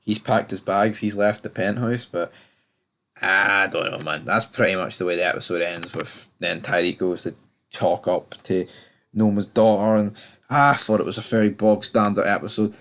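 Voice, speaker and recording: A man's voice: lowish voice, steady tone, moderate pace, a bit bright. A young man giving a casual, rambling review of a TV episode, often stammering and restarting, sounding exasperated. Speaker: TV review channel host.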